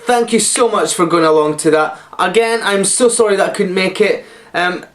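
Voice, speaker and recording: A man's voice: high-pitched, normal speed, fairly bright tone. A man hosting a vlog, chatting in a theatrical, gushing, self-mocking way. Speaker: vlog host. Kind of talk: casual vlog chat.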